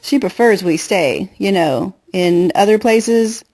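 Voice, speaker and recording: With a medium pitch, lively intonation and a somewhat dark tone, a woman narrates an audiobook character. The girl she plays is confident and playful, teasing and chattering quickly in a bubbly, talkative way.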